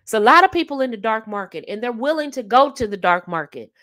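A woman's voice: fairly high pitch, lively intonation, fast, a bit bright. A woman hosting a casual advice talk on dating, emphatic and fond of repeating her key phrases with rhetorical asides. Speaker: host giving dating advice.

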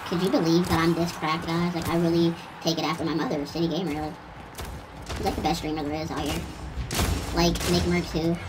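Voicing a grumpy, foul-mouthed pit bull puppy, a woman plays a shooter game and offers in-character commentary, whining, cursing and complaining in a grumbling mood. Her voice is low-pitched and brisk with little pitch movement, lightly acted, and sounds distant beneath loud gunfire and background noise.

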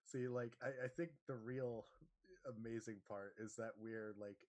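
A man playing in a tabletop role-playing game, rambling and laughing as he pitches ideas. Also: measured pace. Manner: rambling, laughs often, animated. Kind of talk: casual chat at a tabletop game.

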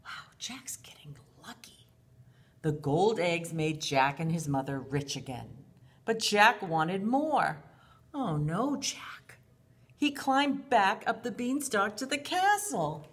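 Expressive sing-song woman teaching little kids. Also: mid-range voice, slow pace. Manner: expressive, sing-song, refers to herself in the third person. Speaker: preschool teacher. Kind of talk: storybook read-aloud and lesson for young children.

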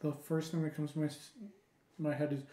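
A woman's voice: low-pitched, level tone, brisk, dark tone. A woman co-hosting a podcast in casual chat, playful and prone to silly impressions. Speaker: podcast co-host. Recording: echoey room.

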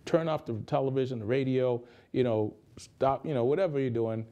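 A man's voice: mid-range voice, a little fast, warm tone, highs cut off. A male pastor giving a conversational sermon in a radio studio, repeating phrases for emphasis.

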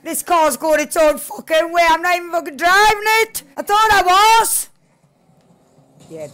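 A woman chatting while she plays a game with friends, excitable, swearing a lot and yelling at the screen. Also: high voice, normal speed. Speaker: gamer playing with friends.

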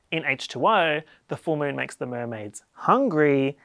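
A man's voice: a little high, expressive, measured pace, vocal fry, hardly any pauses, bright, forceful tone, no room sound. Wry Australian man, dry close sound. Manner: playful, wry and sarcastic. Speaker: YouTube host. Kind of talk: comedic explainer commentary.

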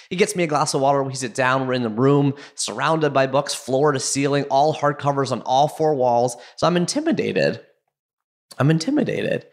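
A man from Canada hosting a podcast, telling a nervous story in an excitable, chatty way full of fillers. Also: mid-range voice, normal speed. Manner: excitable, chatty, self-deprecating, many fillers. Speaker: podcast host. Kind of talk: casual storytelling intro.

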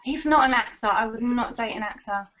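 An actress from England, chatting casually in an interview, giggly and full of ums. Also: female voice, fairly high pitch, fairly quick, a bit bright, muffled recording. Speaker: actress and web content creator.

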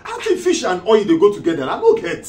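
This Nigerian-accented man acts out a comedy skit as a penniless guy stammering and begging his friend for help. He speaks quickly in a high-pitched, darkish voice whose pitch swoops wildly, all in a pleading mood. The audio comes from a far-off mic in an echoey room, with noise in the background.

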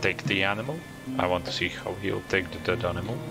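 A man with a low voice and vocal fry talks fast through his own gameplay, coaxing and teasing the characters in casual let's-play commentary, with game music behind him.

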